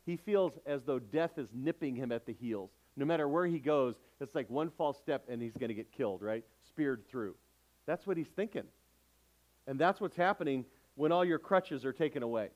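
A man's voice: medium pitch, normal speed, darkish tone, poor audio. A male pastor delivering a sermon, emphatic and calling out questions to his congregation.

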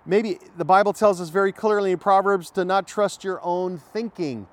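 A man's voice: sits high, normal speed. A man preaching a sermon in an emphatic way, repeating key phrases and asking rhetorical questions.

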